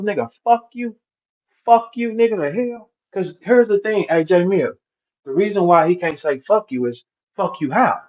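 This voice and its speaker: Profane ranting man on muffled audio. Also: high voice. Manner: aggressive, mocking, heavy profanity. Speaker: host of an online audio room.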